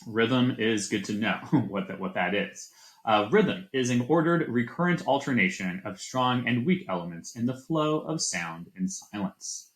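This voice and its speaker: A man's voice: medium pitch, expressive, measured pace. A man teaching a class, lecturing loosely with many fillers and restarts. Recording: echoey room.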